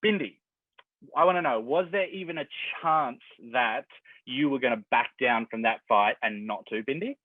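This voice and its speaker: A man's voice: mid-range voice, moderate pace, no echo. A man with an Australian accent interviewing a guest, enthusiastic and casually swearing. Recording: tinny phone-like sound.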